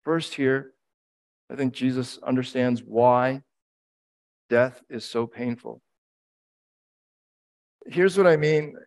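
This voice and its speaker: A middle-aged man delivers a sermon, grieving and earnest. His voice sits at an ordinary pitch and moves between quiet reflection and emphatic repetition. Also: slow, pauses often. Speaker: pastor.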